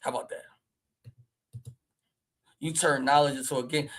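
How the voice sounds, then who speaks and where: A man with a Philadelphia accent hosting a casual livestream, brash and loud, trash-talking and laughing often. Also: medium pitch, fairly even intonation, moderate pace, pauses often, rough recording. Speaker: livestream host.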